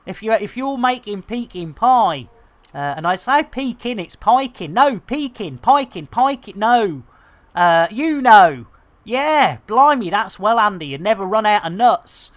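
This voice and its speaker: Jokey woman streamer, lively voice. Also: a little high. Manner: jokey, rambling, repeats catchphrases. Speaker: game streamer. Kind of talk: game livestream commentary.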